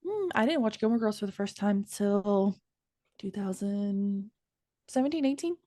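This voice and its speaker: A woman in her thirties co-hosting a casual chat, excitable and animated, with many fillers. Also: medium pitch, moderate pace, dry recording, clean studio sound. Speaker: podcast co-host.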